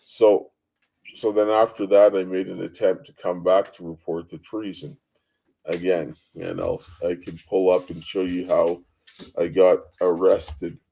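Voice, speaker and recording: Male guest, dark mellow tone, slow delivery, many fillers. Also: low voice, little pitch movement, creaky. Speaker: interview guest. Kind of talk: remote interview.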